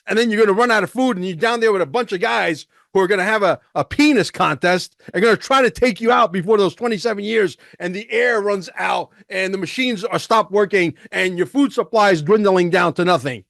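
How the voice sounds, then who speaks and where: A man's voice: high-pitched, brisk, gravelly, few pauses, a bit bright, no echo, clean studio sound. A man hosting a podcast, ranting emphatically with rhetorical questions and profanity as he comments on a clip. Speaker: podcast host.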